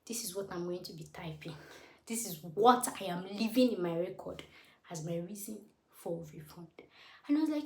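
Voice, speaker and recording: Nigerian woman late 20s, kinda high voice, fired up telling her story, echoey room. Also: a little fast, a little hiss or hum. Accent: Nigerian English. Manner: animated, indignant retelling with acted quotes. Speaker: vlogger. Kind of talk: storytelling to camera.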